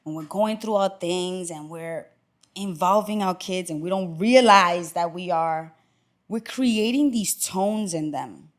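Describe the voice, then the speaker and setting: A woman talking as a podcast guest in casual chat, earnest and emphatic. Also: fairly low pitch. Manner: earnest and emphatic, quick reactions.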